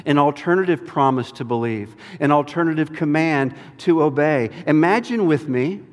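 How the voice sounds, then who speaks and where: A man preaching a sermon with an emphatic, deliberate delivery. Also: fairly high pitch, expressive. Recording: long reverb of a large hall.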